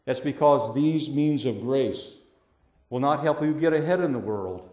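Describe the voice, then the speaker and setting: A man preaching a sermon as pastor, emphatic, repeating phrases and swinging between loud declarations and hushed words. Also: medium pitch, a little slow, roomy sound.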